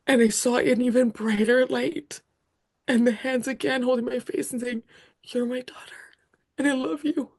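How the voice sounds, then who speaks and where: A woman guest on a podcast telling a personal story with feeling, acting out what she said back then. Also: on the high side. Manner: animated, acts out her own past lines.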